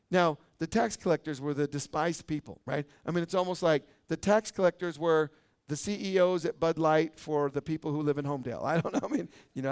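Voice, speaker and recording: Teaching pastor, male, high-pitched, chatty sermon delivery with frequent asides to the congregation. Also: a little mellow, dry recording, clean studio sound. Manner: conversational, joking, often asks "right?". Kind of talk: expository sermon. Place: church service.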